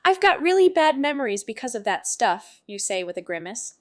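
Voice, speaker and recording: A woman's voice: fairly high pitch, very animated, a little fast, dry recording, studio quality. A woman voicing a brash, foul-mouthed male jester wizard who narrates in a sardonic, rambling way.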